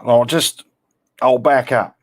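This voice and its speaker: A man's voice: medium pitch, fairly even intonation, takes it slowly. A man hosting a casual livestream, reading viewer comments aloud and answering them with blunt, teasing banter full of slang. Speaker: livestream host.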